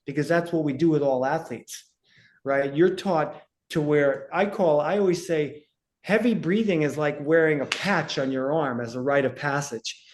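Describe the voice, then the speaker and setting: Animated, fairly high-voiced man explaining. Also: normal speed. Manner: energetic, explanatory, asks "right?" to check in. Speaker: breathing instructor, podcast guest. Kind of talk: casual podcast explanation.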